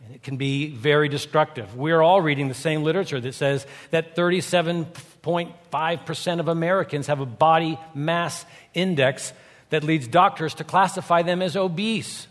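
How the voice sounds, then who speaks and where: A man preaching a sermon in a church, animated and folksy, acting out quotes with humor. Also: a little high, normal speed, big-room sound. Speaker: guest preacher, university leader. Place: church sanctuary.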